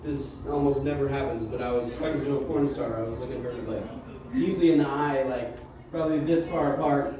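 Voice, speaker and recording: A man doing a rambling stand-up set, telling a loose, halting story full of "like" and restarts. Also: medium pitch, a crowd in the background. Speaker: stand-up comedian. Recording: roomy, distant mic with faint room noise.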